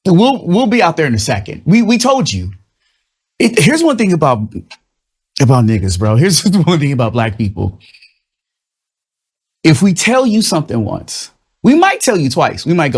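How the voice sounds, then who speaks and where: A young man hosting his own show, delivering a loose, profane, rambling comedic monologue and slipping into quick mocking voices. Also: fairly high pitch, very animated, breathy edge. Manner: loose, profane, rambling storytelling with shifting vocal impressions. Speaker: host of a comedic commentary show.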